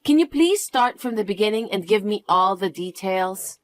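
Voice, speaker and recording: A woman's voice: medium pitch, lively intonation, moderate pace, hardly any pauses, no echo, faint music behind. A young woman narrating a dramatized story, questioning and incredulous. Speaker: narrator and daughter.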